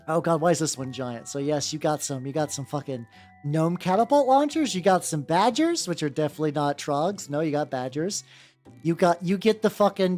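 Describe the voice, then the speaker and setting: A woman with a lowish voice chats casually on a live stream while painting miniatures. She's excitable, swears freely, and often repeats her words.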